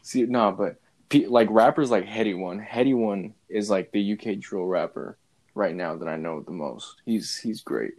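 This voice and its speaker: A man's voice: lowish voice, normal speed, darkish tone. A young man in casual chat, rambling with lots of fillers and restarts, laughing often.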